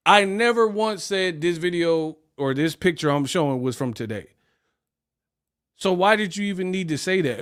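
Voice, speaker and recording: A man's voice: fairly high pitch, animated, normal speed, a bit bright. Man hosting a mocking, slangy livestream. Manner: mocking, laughing, slangy, dismissive. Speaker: livestream host. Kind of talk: casual livestream rant.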